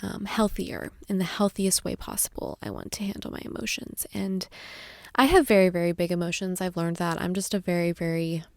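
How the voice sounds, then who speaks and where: A young adult woman hosting a casual podcast, rambling and soft-spoken, restarting her sentences often. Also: on the low side, fairly even intonation, brisk, no room sound, studio quality. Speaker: podcast host, mother. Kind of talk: casual chat.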